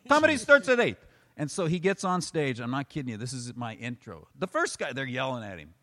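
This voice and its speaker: A man in casual chat, telling stand-up comedy road stories with animated delivery. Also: mid-range voice, brisk. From United States. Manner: animated storyteller, acts out loud quoted yelling.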